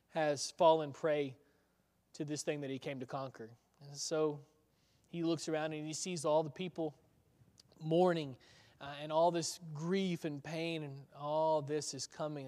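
A man's voice: a little high, a little mellow. A male preacher giving a sermon in a conversational storytelling way, asking the listeners rhetorical questions. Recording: long hall reverb.

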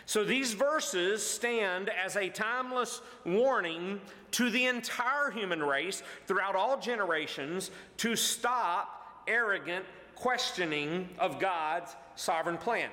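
A male pastor with a high, bright voice, teaching scripture in an earnest, emphatic way and often pausing on "uh" or restarting a phrase. His words ring out with a long, echoing reverb. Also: animated. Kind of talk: verse-by-verse Bible teaching. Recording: echoey hall with long reverb.

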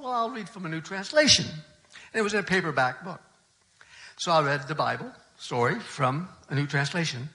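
An older man, a pastor, telling a story from his ministry in a relaxed, conversational sermon. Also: fairly high pitch.

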